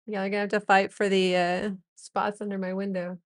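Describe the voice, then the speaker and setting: A woman's voice: medium pitch, level tone, brisk, no echo, studio quality. A woman streaming while she draws, chatting casually and joking with her chat as she thanks viewers. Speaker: streamer and artist.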